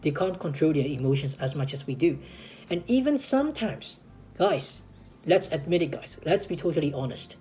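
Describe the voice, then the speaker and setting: A woman's voice: sits low, sing-song, moderate pace, mellow. A woman talking straight to the viewers in a casual advice vlog, earnest and repetitive, often checking in with "right?" and "guys" and restarting her sentences. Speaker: advice vlogger.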